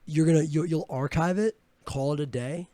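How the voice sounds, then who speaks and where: A man's voice: on the high side, normal speed, dark tone, no room sound. Curious young man, casual swearing. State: sore throat. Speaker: podcast co-host. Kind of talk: casual chat.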